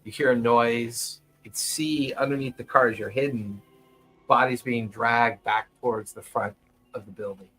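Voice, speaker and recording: A man narrating as game master in a tabletop game, describing scenes at an unhurried pace and chuckling often. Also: medium pitch, fairly even intonation, bright, forceful tone, husky, soft background music, low-quality recording.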